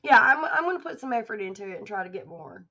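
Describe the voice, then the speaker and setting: A woman's voice: a little high, very animated, fast talker, sharp tone. A tired woman, chatting affectionately and rambling with her livestream viewers as her voice starts to give out. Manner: affectionate, rambling, laughs often. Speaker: livestream host. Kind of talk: casual livestream chat with viewers. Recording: dull lo-fi stream audio.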